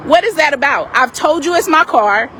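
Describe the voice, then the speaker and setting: Woman activist, high voice, animated and forceful recounting, outdoor street. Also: moderate pace, slight background noise. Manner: emphatic, animated retelling. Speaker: community activist. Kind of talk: heated street complaint to police. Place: outdoors on a city street by a parked car.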